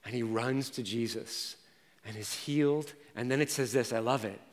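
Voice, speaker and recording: A man preaching a sermon as pastor, telling personal stories and moving from quiet reflection to intense emphasis. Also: mid-range voice, moderate pace, long reverb tail.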